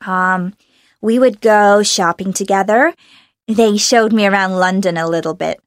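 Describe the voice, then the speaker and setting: A woman's voice: medium pitch, a little slow, no room sound, studio quality. Bubbly young American woman, giggly. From Los Angeles, USA. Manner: bubbly, laughs often. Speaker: actress being interviewed. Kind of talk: casual interview answers.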